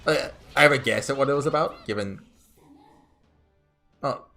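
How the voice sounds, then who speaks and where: A man's voice: mid-range voice, normal speed, bright, forceful tone, soft background music. A man giving chatty let's-play commentary, thinking aloud as he plays. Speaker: gamer.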